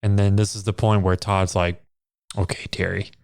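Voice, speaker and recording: A man's voice: lowish voice, little pitch movement, moderate pace, a little mellow, clear, resonant tone, dry recording, studio quality. A man co-hosting a podcast, chatting casually about a horror film, tossing in wry quips and quoting characters. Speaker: podcast co-host. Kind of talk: casual movie recap chat.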